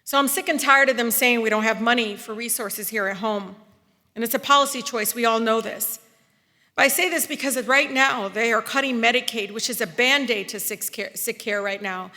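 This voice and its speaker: Woman, 40s, impassioned political speech, fairly high voice, podium mic. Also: normal speed. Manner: impassioned, rising to loud emphatic peaks. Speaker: congresswoman giving a speech. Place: large hall. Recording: long reverb of a large hall.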